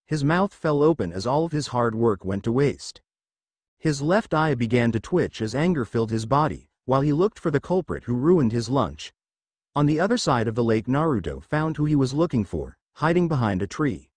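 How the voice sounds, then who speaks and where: Expressive male fan fiction narrator. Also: mid-range voice, normal speed, dry recording. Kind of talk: fan fiction audiobook reading.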